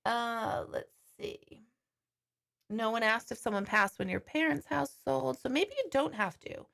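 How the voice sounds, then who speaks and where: A woman's voice: fairly high pitch, unhurried, gravelly, fairly bright tone. A woman hosting a live-stream question and answer session as a psychic medium, chatting casually and reading viewer comments aloud.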